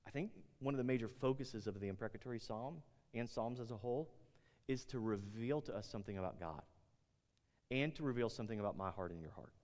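Male pastor, casual preaching voice with big swings from loud emphasis to quiet asides, long reverb. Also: lively intonation, fast talker. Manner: conversational preaching, rising loud on emphasis then dropping low. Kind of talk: sermon. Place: large room with an audience.

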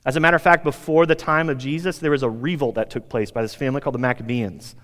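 With a long reverb tail trailing his words, an American man delivers a sermon fast, his medium-pitched voice steady and a bit bright. He's a pastor who keeps things conversational and emphatic, acting out quoted speakers as his story unfolds.

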